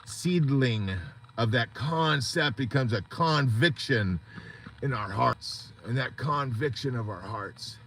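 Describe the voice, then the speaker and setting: A man's voice: mid-range voice, fairly bright tone, slight background noise. A man hosting a support group on a live stream, talking in an earnest, rambling, motivational way.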